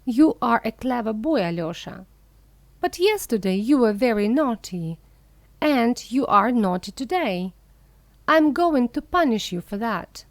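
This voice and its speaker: A woman's voice: fairly high pitch, lively intonation, measured pace, no echo. Storybook headmaster: strict, scolding man, read by a woman, dry-voiced. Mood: stern. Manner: stern, scolding. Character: stern strict male school headmaster.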